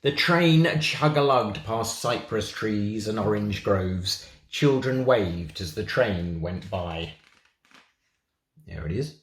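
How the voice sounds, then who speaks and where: A man's voice: lowish voice, lively intonation, takes it slowly, echoey room. A man from England reads a children's picture book aloud for a synagogue, with playful, chatty asides. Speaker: storybook reader for a synagogue.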